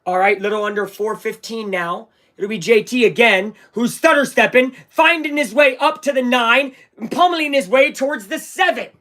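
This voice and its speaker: High, bright-voiced hyped fan commentator. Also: male voice, moderate pace, few pauses. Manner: hyped, talks straight to viewers. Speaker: fan streamer doing live play-by-play. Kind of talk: excited live fan commentary.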